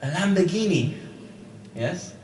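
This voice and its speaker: A man giving a religious storytelling lecture, with rhetorical questions and dramatic pauses. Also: high voice, animated, a little mellow. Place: lecture hall. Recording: echoey room from a distant mic, faint ambience.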